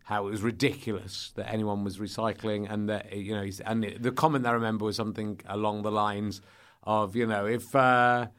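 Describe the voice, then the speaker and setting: A man, a comedian guesting on a podcast, talking in a rambling, self-interrupting, animated way. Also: lowish voice, fairly quick. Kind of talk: casual podcast chat.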